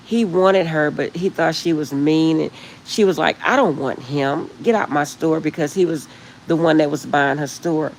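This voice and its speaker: Gravelly-voiced woman chatting to her stream. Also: deep voice, a little hiss or hum, poor audio. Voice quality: rambling, chatty, laughs often. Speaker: livestream host. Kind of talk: casual chat with live viewers. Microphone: phone.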